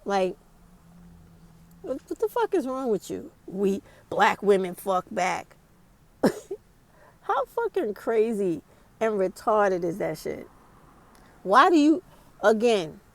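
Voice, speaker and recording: A woman's voice: medium pitch, darkish tone, no room sound. A woman vlogger ranting to camera, blunt and heated, with a lot of swearing. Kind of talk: casual rant to camera.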